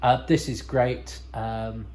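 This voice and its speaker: A man's voice: medium pitch, flat delivery, slow pace, a little mellow, slight background noise, poor audio. A man hosting a podcast, giving casual, rambling commentary over a TV episode with wry asides and frequent self-corrections. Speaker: podcast host.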